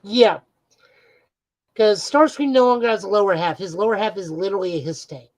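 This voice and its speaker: A woman's voice: medium pitch, a little fast, no room sound, poor audio. A woman co-hosting a podcast, eagerly recapping comic book plots in a casual chat with frequent "uh"s. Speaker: podcast co-host.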